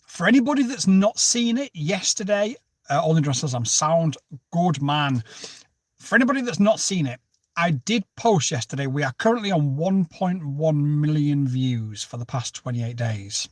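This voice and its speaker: A man's voice: fairly high pitch, animated, moderate pace, no room sound. A man hosting a casual livestream, chatting and joking as he answers viewers' comments. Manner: chatty, jokey, jumps between topics and greets viewers by name. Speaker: livestream host.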